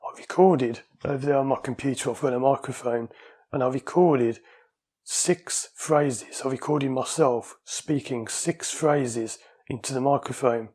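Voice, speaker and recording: A man with a husky, slightly breathy voice at a middling pitch tells stories about his own experience in a chatty way, often laughing along. The sound is recorded at home on a small dictaphone. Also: measured pace, warm tone. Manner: chatty, anecdotal, laughs while telling stories. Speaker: vlogger sharing his surgery experience. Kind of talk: casual storytelling to camera. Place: at home, indoors.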